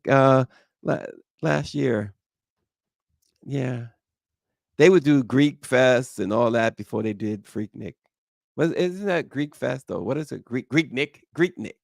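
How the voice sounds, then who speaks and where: A man with a gravelly, creaky voice hosts a live morning show, recorded close and dry. He rambles loosely and jokes as he reads out viewer comments, laughing often. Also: a little high, dry recording.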